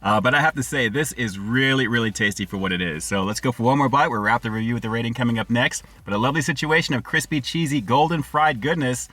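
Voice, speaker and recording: Male food vlogger, quick and bright, dry close mic, slangy hype delivery. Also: mid-range voice, dry recording. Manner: upbeat, slangy, addresses viewers as guys. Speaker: food reviewer. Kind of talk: casual food review vlog.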